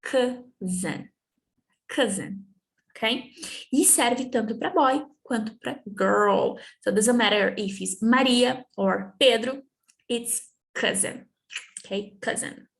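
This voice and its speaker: A young Brazilian woman, a native Portuguese speaker with a Brazilian accent, teaching English family words in a slow bilingual lesson, drawing out and repeating each word. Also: a little high, gravelly, a bit bright. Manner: slow, drawn-out repetition of words for students.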